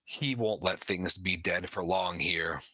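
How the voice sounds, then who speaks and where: A man voicing a sorrowful male lion monster in a tabletop game, with low, mournful lines. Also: unhurried, sharp tone, no echo, full character voice.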